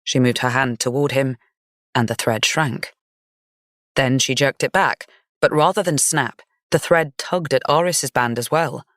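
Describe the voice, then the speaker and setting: A woman narrating a gothic fantasy romance audiobook in an even, measured storytelling manner. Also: a bass voice, no echo, clean studio sound.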